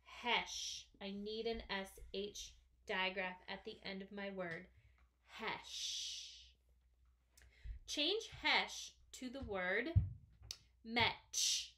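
Slow, bright-voiced phonics teacher woman. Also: mid-range voice. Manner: slow, careful, stretched-out sounds. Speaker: first grade teacher. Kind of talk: slow phonics lesson video.

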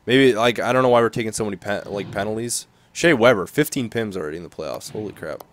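A man's voice: fairly low pitch, fast, fairly bright tone, a little hiss or hum. A young man giving casual gameplay commentary, exasperated, mumbling to himself, then breaking into frustrated outbursts. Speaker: gaming commentator.

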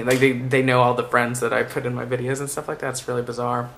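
Soft-spoken man with a gravelly edge. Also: medium pitch, little pitch movement, quick pace, hardly any pauses, slight background noise. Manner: soft-spoken, chatty and playful. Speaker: makeup vlogger. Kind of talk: makeup tutorial.

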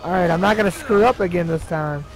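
A man giving profane, frustrated gaming commentary, swearing heavily and yelling at the game. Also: high-pitched, fast, low-quality recording. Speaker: let's play gamer. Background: game music.

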